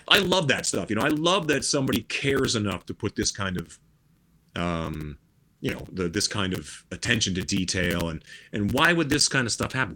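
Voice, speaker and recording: A middle-aged man with a lowish voice and a bright, forward edge talks in a loose, rambling way, restarting his sentences and leaning on fillers. It sounds like a casual podcast chat. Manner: rambling, many restarts and "you know". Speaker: guest musician.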